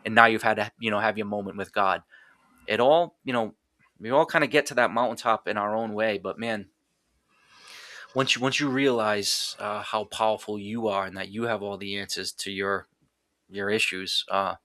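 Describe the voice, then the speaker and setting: Blunt, swearing man with a bright voice. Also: on the low side, normal speed, no echo, studio quality. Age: adult. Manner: raw, blunt, heavy swearing, restarts. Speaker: podcast guest. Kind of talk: emotional personal storytelling.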